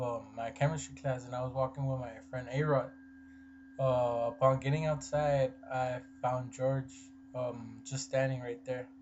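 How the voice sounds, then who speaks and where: A young man tells a long story on his vlog, stumbling through fillers and restarts. His voice is dark and mellow, little rise or fall. The recording is dull and lo-fi, a faint hiss behind him. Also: mid-range voice. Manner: rambling, quotes friends, many fillers and restarts. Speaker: vlogger.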